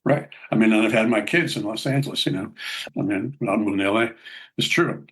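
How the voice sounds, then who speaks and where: Husky older man telling stories. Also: fairly low pitch, brisk, fairly bright tone. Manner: rambling, chuckling anecdotes. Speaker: guest musician. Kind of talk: casual interview storytelling.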